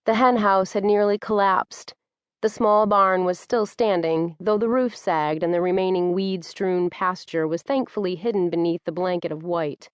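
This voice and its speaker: A woman reading an audiobook in measured, descriptive scripted narration. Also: fairly low pitch, steady tone, smooth, no room sound.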